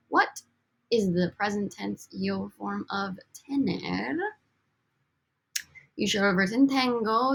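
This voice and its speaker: A woman's voice: medium pitch, gravelly, a bit bright. A woman teaching a recorded language lesson over slides, upbeat and coaxing as she drills students with prompts. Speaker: Spanish teacher.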